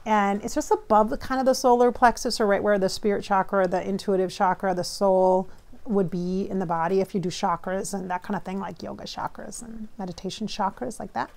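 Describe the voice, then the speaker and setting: A woman who works as a spiritual medium, leading a guided breathing meditation in a soft, unhurried, dreamy way that often trails off. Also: medium pitch, gravelly.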